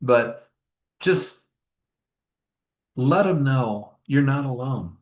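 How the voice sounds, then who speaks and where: A man's voice: mid-range voice, expressive, very slow, pauses often. A man, a grief counselor being interviewed, telling stories in an earnest, emotional way. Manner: earnest, emotional, retells scenes with acted quotes. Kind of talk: storytelling interview talk. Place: funeral home.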